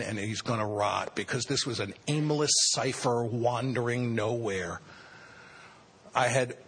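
A man in his fifties telling his recovery story, wry and self-deprecating, sometimes halting. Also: medium pitch, a bit bright, slightly rough. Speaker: speaker sharing a recovery story. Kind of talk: personal storytelling talk.

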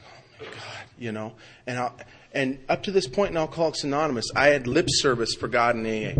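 Middle-aged man giving a rambling, heartfelt recovery testimony in an ordinary mid-range voice. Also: mid-range voice. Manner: rambling, heartfelt storytelling with many fillers. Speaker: speaker sharing his recovery story. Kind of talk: personal testimony talk.

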